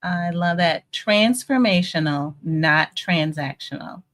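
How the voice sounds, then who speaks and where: A woman's voice: on the low side, takes it slowly, fairly bright tone. A woman hosting a podcast, affirming her guest and laughing often in casual chat. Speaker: podcast host.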